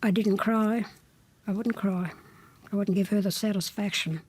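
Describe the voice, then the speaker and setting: A woman's voice: mid-range voice, steady tone, normal speed, darkish tone, slightly rough. A woman in her seventies with an Australian accent, telling her childhood story in a blunt, plain-spoken way with dry defiance. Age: 70s. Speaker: interviewee recounting her childhood.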